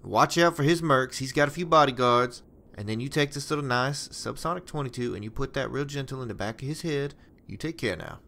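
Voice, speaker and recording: Man playing a folksy, foul-mouthed mercenary boss, mid pitch, drawling. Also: a little fast, gravelly, pushed and bright, a little hiss or hum. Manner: drawling, crude, friendly. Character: folksy male mercenary boss giving contracts.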